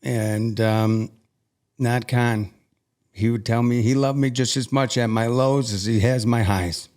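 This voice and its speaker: A man in a podcast conversation who tells a deeply personal story. His voice sits at an ordinary middle pitch, and he speaks earnestly and with feeling, often stopping to restart a sentence. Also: fairly even intonation, a little slow, darkish tone. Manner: earnest and emotional, with frequent restarts. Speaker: podcast guest.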